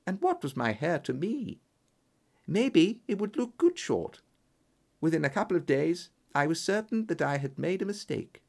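An expressive storybook narrator with a gravelly texture. The delivery is lively, rising and falling freely through the telling. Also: medium pitch. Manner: expressive first-person storytelling. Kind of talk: storybook reading.

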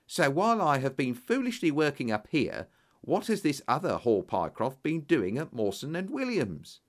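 A man voicing a flustered, anxious young male clerk in a storybook reading, pleading and excitable. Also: normal speed, close to an everyday voice. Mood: alarmed. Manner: excitable, pleading, rising pitch.

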